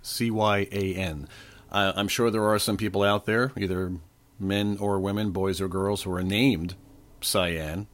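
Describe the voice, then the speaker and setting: A man in his forties or older, slightly hoarse, hosting a casual trivia quiz podcast with a playful, joking manner. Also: sits low, steady tone, unhurried. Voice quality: playful, jokey. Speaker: podcast host. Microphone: desk microphone.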